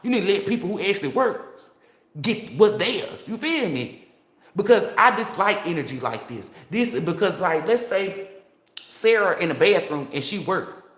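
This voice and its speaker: A woman's voice: on the low side, big pitch swings, normal speed. A woman tarot reader talking straight to her viewers in a blunt, profane, fired-up unscripted monologue. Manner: blunt, profane, fired-up storytelling with rhetorical asides. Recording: roomy echo.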